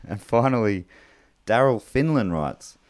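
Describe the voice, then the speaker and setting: A man's voice: medium pitch, lively intonation, measured pace, dry recording. A man hosting a podcast, chatting casually in a loose, rambling way with plenty of fillers and restarts. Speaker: podcast host and comedian. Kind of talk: casual podcast chat, reading listener mail.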